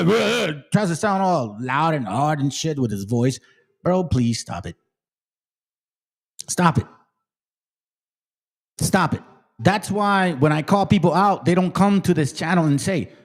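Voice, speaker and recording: A man's voice: high-pitched, vocal fry. A man hosting his channel, quoting scripture in a heated, profane and confrontational rant. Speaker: channel host. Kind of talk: heated biblical commentary rant.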